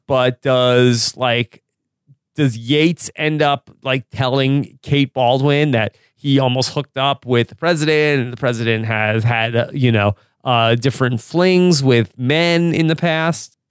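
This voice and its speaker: A man's voice: medium pitch, smooth, dry recording, studio quality. A man hosting a casual TV recap podcast, chatty and laughing often. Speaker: podcast host.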